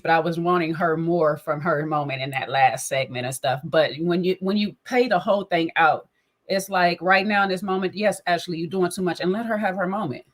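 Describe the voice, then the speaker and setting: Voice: mid-range voice, fairly bright tone. A co-host in casual chat about a reality show, easygoing, often repeating words while thinking.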